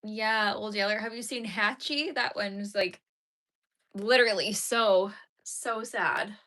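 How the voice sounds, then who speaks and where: With a medium-pitched, bright, forceful voice and a measured pace, a young woman hosts a casual live-stream chat as she crochets. She talks with her viewers and grows tearful over sad dog movies.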